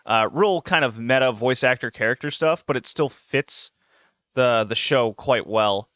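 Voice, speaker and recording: A man's voice: medium pitch, expressive, unhurried, a bit bright, no echo, clean studio sound. A man hosting a podcast, chatting casually and rambling through recommendations. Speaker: podcast host.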